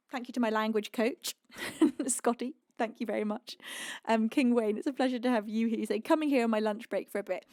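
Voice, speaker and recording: A British woman hosting a live music stream, chatting casually, giggling and warmly thanking viewers as she reads their messages. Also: on the high side, no echo, studio quality. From United Kingdom. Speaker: singer and livestream host. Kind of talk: casual livestream chat reading out viewer messages.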